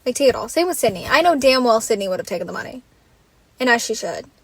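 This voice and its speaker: A woman's voice: on the high side, lively intonation, fast, slightly rough, no echo. A young woman hosting a solo podcast, ranting in an exasperated, casual way, swearing freely and saying "like" constantly. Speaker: podcast host.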